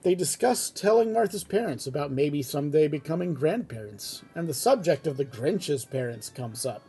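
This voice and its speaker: A man reading a fan script aloud at home, in a relaxed, chatty way with casual asides. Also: a little high, normal speed, slightly rough, faint music behind. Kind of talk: casual read-aloud narration.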